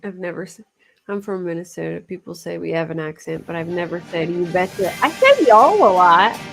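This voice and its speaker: Lowish, creaky and fairly bright, this woman's voice is animated and brisk, with soft music in the background. She hosts a true crime livestream in a Philadelphia accent, chatting casually with her chat, laughing a lot and feeling self-conscious about how she says words.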